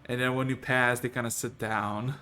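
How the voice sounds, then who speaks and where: A man guides his players through a tabletop scene, pausing and restarting as he searches for words. His voice sits at a middle pitch. Quiet music plays underneath. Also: level tone. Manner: halting, restarts sentences while describing scenes. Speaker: game master. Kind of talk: narrating a tabletop game. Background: faint music.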